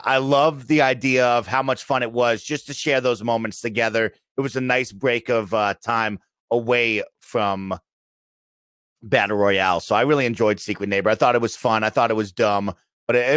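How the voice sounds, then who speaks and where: A man's voice: mid-range voice, moderate pace, a bit bright, clear, resonant tone, no room sound. A man hosting a casual gaming podcast, upbeat and talking in long, run-on stretches. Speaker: podcast host.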